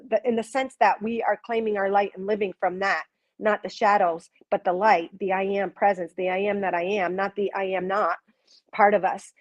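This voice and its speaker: A woman working as a spiritual reader and channeler, talking live to her viewers in the comments in an effusive way with frequent exclamations and laughter. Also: on the high side. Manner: speaks directly to viewers in the comments. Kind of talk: live-stream spiritual talk.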